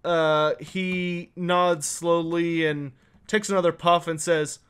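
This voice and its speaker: A man narrating as game master of a tabletop game, halting often with fillers. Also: on the high side, steady tone, a bit bright, smooth. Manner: halting, lots of uh.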